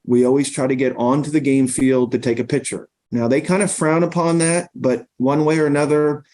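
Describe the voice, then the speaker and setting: A middle-aged man with a mellow, warm tone tells stories at an easy pace. He rambles through long anecdotes as a podcast guest, with plenty of ums and restarts. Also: mid-range voice, fairly even intonation, fairly quick. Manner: rambling anecdotes with many fillers. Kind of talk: storytelling in casual conversation.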